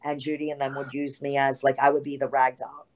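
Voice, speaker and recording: A middle-aged woman, a former wrestler, telling a lively anecdote as an interview guest, full of asides and fillers. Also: very deep voice, a little fast. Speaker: guest, retired pro wrestler. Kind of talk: storytelling in an interview.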